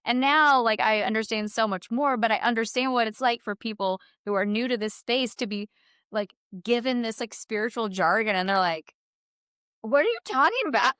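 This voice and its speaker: A woman chatting casually as a podcast guest, full of "like" fillers and lively acted-out quotes. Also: fairly high pitch, moderate pace, clear, resonant tone, no echo, studio quality. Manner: chatty, filler-heavy, animated quoting. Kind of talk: casual chat.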